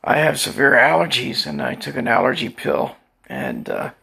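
Older guy rambling on, crude jokes and shout-outs, gravelly bright voice, dry cough. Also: medium pitch, wildly swooping pitch, moderate pace. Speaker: social media vlogger. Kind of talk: rambling casual monologue.

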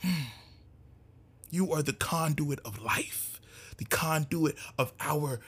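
A man's voice: fairly high pitch, slow pace, a bit bright, slightly rough. A man giving an impassioned monologue to his community, fervent and repetitive, swinging between raised emphasis and near-whispers. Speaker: speaker addressing his community.

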